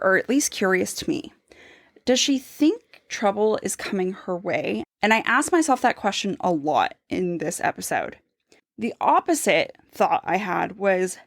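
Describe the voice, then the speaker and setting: A woman's voice: medium pitch, no room sound, studio quality. A woman co-hosting a book podcast, analyzing a novel casually, reading quotes aloud and asking questions. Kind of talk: casual literary analysis chat.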